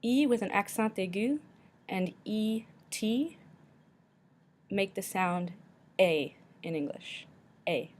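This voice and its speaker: In a recorded pronunciation lesson, a female teacher says each word with slow care, frequently saying it twice, in a mid-range voice.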